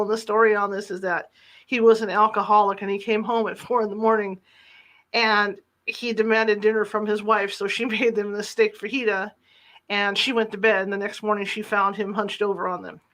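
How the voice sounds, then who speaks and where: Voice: medium pitch, a bit bright. A podcast host casually telling a personal story from reporting days, acting out the dialogue in quotes. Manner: chatty, retells dialogue in quotes. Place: lives in the Sacramento area.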